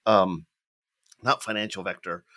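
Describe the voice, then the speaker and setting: A man's voice: low-pitched, measured pace, dry recording, studio quality. A man co-hosting a podcast, telling stories in casual chat, laughing often and restarting his sentences. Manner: animated storyteller, laughs often, many restarts. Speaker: podcast co-host.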